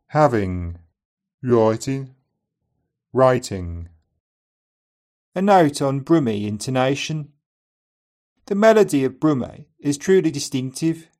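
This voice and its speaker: A man teaching an accent lesson in scripted narration, saying each example word slowly and carefully, often twice. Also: medium pitch, darkish tone.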